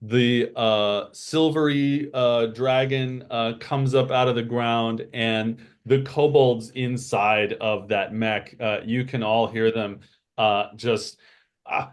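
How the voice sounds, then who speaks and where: Male game master, relaxed slow delivery, rambling narration. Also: medium pitch, clean tone. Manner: unhurried, full of fillers. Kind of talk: running a tabletop game.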